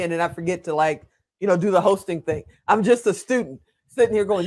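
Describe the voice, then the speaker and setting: A woman's voice: on the low side, fairly quick, darkish tone. An older woman hosting an interview show, gushing over her guest and speaking frankly about herself. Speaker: host. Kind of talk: enthusiastic interview host chat.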